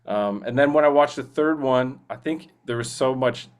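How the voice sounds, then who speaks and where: This man's voice is medium in pitch and smooth. He's a voice actor appearing as a guest in a casual interview, chatting eagerly and rambling with plenty of fillers and restarts, and he keeps slipping into quick impressions of movie characters.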